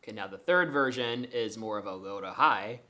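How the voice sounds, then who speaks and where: A man's voice: on the low side, normal speed, pushed and bright. A man, an English speaker, talking through his language-learning method in a vlog, methodical and explaining step by step with examples.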